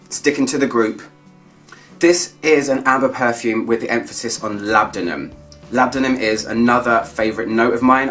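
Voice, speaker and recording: Chatty man a bit off-mic, soft music. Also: medium pitch, far from the mic. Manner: enthusiastic, chatty, lingers on descriptive words. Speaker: fragrance reviewer. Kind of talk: casual chat to camera.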